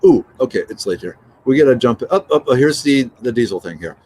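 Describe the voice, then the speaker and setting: A middle-aged man hosts a casual morning livestream, joking and reading viewer notes aloud. His voice swings widely in pitch as he rambles along. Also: animated, fairly quick, a little mellow, a little hiss or hum. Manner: chatty, joking, reads out viewer comments. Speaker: livestream host.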